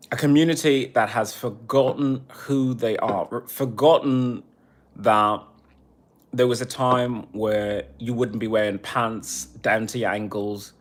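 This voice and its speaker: Profane ranting man on a livestream. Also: lowish voice. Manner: sarcastic when reading chat. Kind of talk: angry livestream rant.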